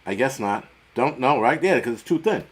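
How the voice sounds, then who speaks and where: Hosting a laid-back livestream, a middle-aged man reads out viewer comments in a mid-range voice with lively intonation and a breathy edge. His talk is profane, rambling, and jokey, jumping suddenly in volume.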